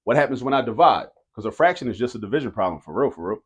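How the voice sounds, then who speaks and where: A man explains math to students in a relaxed, conversational way. He drills each rule by saying it again and again. His voice sits at an ordinary middle pitch. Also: racing, breathy edge, muffled recording. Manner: repeats key rules for emphasis, casual and direct. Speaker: math teacher.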